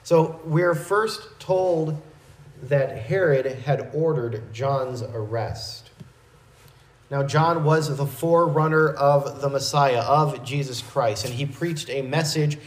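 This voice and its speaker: Man teaching Scripture in an echoey room. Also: medium pitch. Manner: measured, explanatory, with small restarts. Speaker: preacher. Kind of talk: verse-by-verse Bible teaching.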